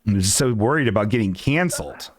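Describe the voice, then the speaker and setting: A man's voice: on the low side, lively intonation, fast talker, dry recording, clean studio sound. A man co-hosting a podcast in casual chat, laid-back and self-deprecating, laughing often. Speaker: podcast co-host.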